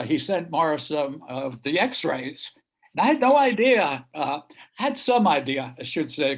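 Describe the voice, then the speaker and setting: A man remembering his cousin at a memorial gathering, speaking haltingly with many pauses and fillers. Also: on the high side, creaky. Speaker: relative giving a eulogy. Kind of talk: memorial speech.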